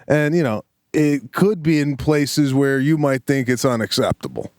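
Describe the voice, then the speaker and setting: A man's voice: mid-range voice, animated, normal speed, dry recording, clean studio sound. A man co-hosting a podcast in casual chat, a father, reflective and searching for words as he talks. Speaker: podcast co-host.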